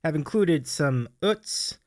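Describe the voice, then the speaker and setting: A man's voice: on the high side, animated, slow pace, a little mellow, no echo. A man hosting a casual live stream who laughs often and thanks viewers by name. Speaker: stream host.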